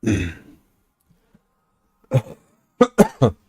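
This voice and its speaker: A man's voice: fairly low pitch, huge pitch swings, drawn-out words, gravelly, darkish tone, breathy edge. A man hosting a live stream, chatting casually as he answers viewer questions while getting over an illness and losing his voice. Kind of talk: casual live Q&A about pressure washing.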